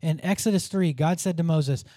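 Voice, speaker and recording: Higher-voiced man teaching scripture. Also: moderate pace, mellow, no room sound, clean studio sound. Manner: earnest, informal, thinks aloud with restarts. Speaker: Bible teacher. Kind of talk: conversational Bible teaching.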